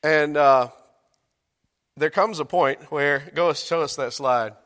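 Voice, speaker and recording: A man preaches a sermon in a church sanctuary. He keeps it conversational, dropping joking asides to his congregation. His voice sits a little high, and it rings out with the long reverb of the hall. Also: slow, fairly bright tone. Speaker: pastor.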